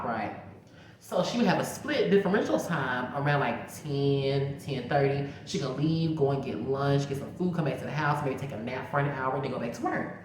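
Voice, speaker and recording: A woman, a vlogger telling a story in a casual, animated, profane way, talking straight to her viewers. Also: a bass voice, a little hiss or hum. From Mississippi. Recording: very echoey room.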